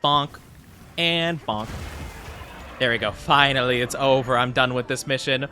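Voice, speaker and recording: Faint music plays behind a young man with a medium-pitched, unhurried voice as he streams a game. He chats with his audience in a playful, excitable way and reacts loudly to their messages.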